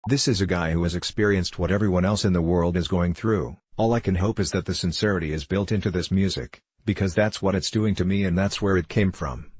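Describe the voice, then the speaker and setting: A man's voice: low voice, a little fast, hardly any pauses, darkish tone, slightly rough, no room sound, clean studio sound. A man giving candid interview answers, telling a personal story in a reflective, heartfelt way.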